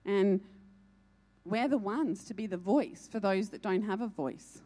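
A woman's voice: medium pitch, measured pace, warm tone. A woman preaching a sermon, urgent and earnest, repeating key lines for emphasis.

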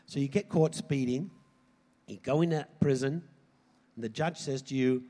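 A man preaching a sermon in an animated way, swinging from loud emphasis to quiet asides. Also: medium pitch, normal speed. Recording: hall reverb.

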